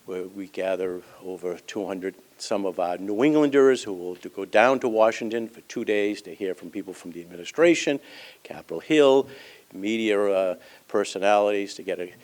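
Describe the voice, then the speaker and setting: Low-voiced man hosting a breakfast forum. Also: a little mellow. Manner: measured, with frequent fillers. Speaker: event host. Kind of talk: formal event announcements.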